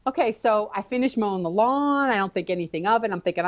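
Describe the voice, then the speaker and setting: Woman, animated storyteller, expressive conversational delivery, mid-pitched voice, muffled lo-fi sound. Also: quick pace. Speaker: guest.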